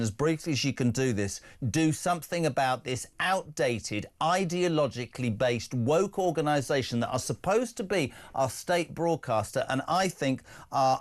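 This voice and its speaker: A middle-aged man hosting a live radio phone-in, talking in an emphatic, argumentative way. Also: fairly high pitch. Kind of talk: opinionated live radio talk. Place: radio studio.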